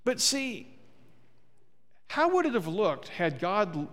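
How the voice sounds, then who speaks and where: A man with a high, fairly bright voice talks slowly, his pitch swinging widely. He's a pastor preaching in a church sanctuary, chatty and funny, acting out quoted lines in character voices. The recording carries a long church hall reverb.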